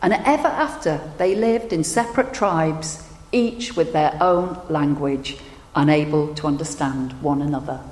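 A woman minister giving a sermon and leading a prayer, telling stories in a measured, gentle way. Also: low-pitched. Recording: echoey hall with long reverb.

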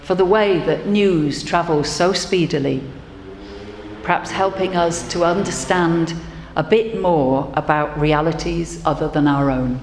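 Slow, measured woman minister. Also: deep voice, a little hiss or hum. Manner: gentle, measured, reflective. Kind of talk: sermon and prayer. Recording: roomy hall with faint ambience.

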